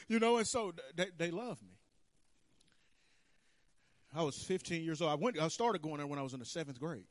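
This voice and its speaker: High-voiced preacher telling his story. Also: a little fast, dry recording. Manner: animated storytelling, swinging from hushed to loud. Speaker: pastor. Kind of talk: sermon testimony. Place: church sanctuary.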